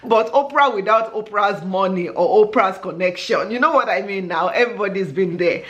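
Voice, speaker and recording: A middle-aged woman, telling a story in an animated way as a vlog host, laughing often and acting out her exclamations. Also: medium pitch, normal speed, hardly any pauses.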